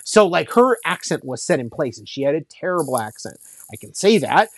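A man's voice: on the high side, big pitch swings, fairly quick, dry recording. A man co-hosting a casual movie talk, rambling with many fillers and restarts. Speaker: podcast co-host.

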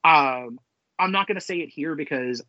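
A man co-hosting a podcast in casual chat, excitable and swearing freely, with lots of fillers. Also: fairly high pitch, normal speed, no room sound. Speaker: podcast co-host. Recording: dull lo-fi sound, dry.

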